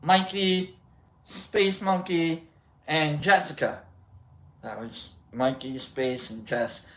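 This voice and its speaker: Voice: mid-range voice, slow pace. A live stream host chatting casually, telling a rambling story and greeting viewers in the chat.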